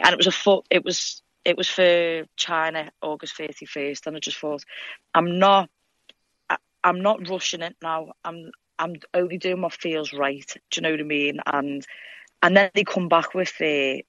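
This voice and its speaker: A woman's voice: low voice, a bit bright, no room sound, highs cut off. A young woman with a Scouse accent, a fighter, chatting freely in an interview and swearing often. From Liverpool, England. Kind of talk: casual interview.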